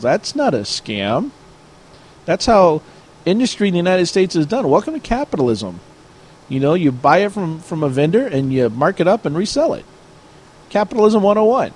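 A man's voice: on the high side, fairly quick, slightly rough. Chatty man telling a gaming story. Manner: animated storyteller, acts out both sides of an argument. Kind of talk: casual chat.

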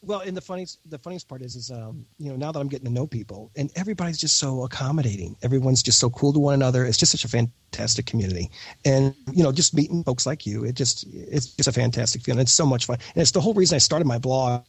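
A man who is a podcast guest talks quickly and excitedly, rambling and putting himself down. His voice is a little husky, and the dry recording sounds close to the mic. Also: medium pitch, dry recording. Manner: excitable, rambling, self-deprecating. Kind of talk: casual podcast chat.

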